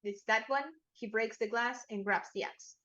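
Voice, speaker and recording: A woman's voice: on the high side, fairly even intonation, moderate pace, bright, forceful tone, muffled recording. A woman narrating a tabletop game as game master, chatty and laughing often.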